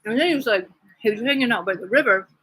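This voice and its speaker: A woman's voice: a little high, animated, fast, fairly bright tone, husky, low-quality recording. A woman vlogging in a rambling, casual monologue, gossipy and agitated, with many fillers.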